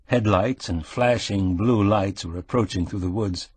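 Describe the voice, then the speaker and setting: Husky male audiobook narrator. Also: on the low side, unhurried, few pauses, a little mellow, dry recording.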